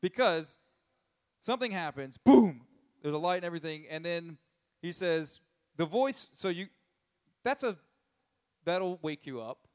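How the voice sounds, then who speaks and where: A male preacher talking through scripture in a loose, conversational way, chuckling as he goes. His voice sits a little high for a man. He slips into quick voices for the people in the story. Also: animated, a little mellow. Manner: chuckles often while telling the story; acts out characters' lines in quick voices. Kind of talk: conversational sermon.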